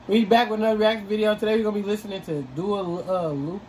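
A man's voice: sits high, steady tone, quick pace, darkish tone, far from the mic, slight background noise, poor audio. A man hosting a reaction video in a laid-back, profane casual chat, stumbling over words as he goes. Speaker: host. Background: music.

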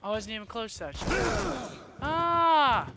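High-voiced young man, excitable gamer commentary. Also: slow pace. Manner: excitable, swears a lot, flares into frustrated outbursts. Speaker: gamer commentating his own match. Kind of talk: live gameplay commentary. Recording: noisy game sound underneath. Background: game gunfire and effects.

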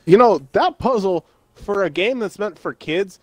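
Chill young dude co-playing, dry remarks, no room echo at all. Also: male voice, high-pitched, animated, measured pace, a little mellow. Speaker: co-player. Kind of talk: casual gameplay chat.

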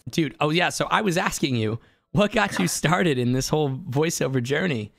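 A hoarse man, a voice actor, telling stories excitedly and laughing easily in a casual streaming chat. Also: fairly high pitch, no echo. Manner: excitable storyteller, quick to laugh. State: hoarse from an inflamed larynx.

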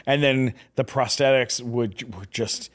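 Middle-aged man, podcast guest, animated anecdote-telling, casual slangy chat, studio mic. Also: mid-range voice, unhurried. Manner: animated storyteller, frequent "like" and "dude".

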